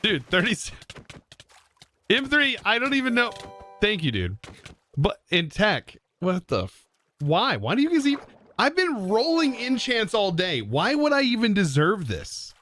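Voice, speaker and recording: Excitable young man streaming a game. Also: sits high, unhurried, slight background noise. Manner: excitable, exclaiming, thanks viewers. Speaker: livestream host. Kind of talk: live gameplay streaming.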